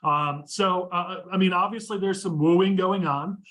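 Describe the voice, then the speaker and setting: A man hosting a casual political discussion podcast, talking quickly and steering the conversation with firm opinions. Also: sits high, steady tone, a bit bright. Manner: quick, opinionated, leads the talk. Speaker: podcast host.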